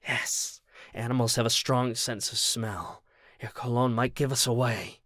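A man voicing a nervous male killer who talks in a hissed, hushed whisper. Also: medium pitch, steady tone, unhurried, dry recording, studio quality, lightly acted. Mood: tense whisper.

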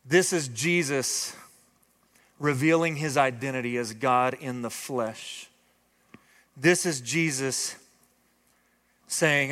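A man preaching as pastor delivers a passionate sermon that builds toward urgent, emphatic appeals to the congregation. He speaks slowly with long pauses, in a medium-pitched, fairly bright voice. The church sanctuary gives the recording a long hall reverb.

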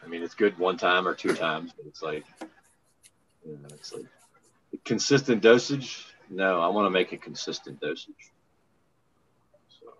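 A man from Maryland in casual podcast chat, rambling and halting with frequent restarts. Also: sits low, fairly bright tone, slight background noise. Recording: muffled lo-fi sound.

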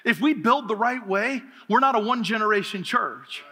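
A high-pitched man with a bright, forceful voice preaches a lively sermon as a pastor, mixing funny stories with emphatic calls. His voice rings out in a reverberant hall with faint music underneath. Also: normal speed. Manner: animated, humorous storytelling with laughter. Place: church sanctuary.

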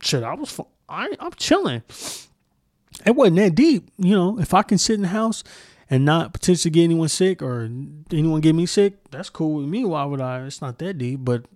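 Heated, profane man with a dark voice. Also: fairly high pitch, animated, a little fast, dry recording, studio quality. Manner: heated, profane, repeats himself; frequent restarts while searching for words. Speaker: podcast host. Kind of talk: solo podcast monologue.

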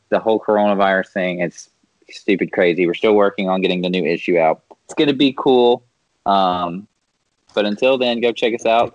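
A man's voice: lowish voice, no room sound. A man hosts a casual podcast and spins a rambling story for his friends. His voice sounds dry, close and a little dull, with no room around it. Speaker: podcast host.

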